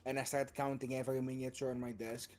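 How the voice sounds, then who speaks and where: An ordinary male voice at a middling pitch, telling stories and bantering with friends at a tabletop game. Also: little pitch movement, fast talker, darkish tone. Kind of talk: casual tabletop game chat.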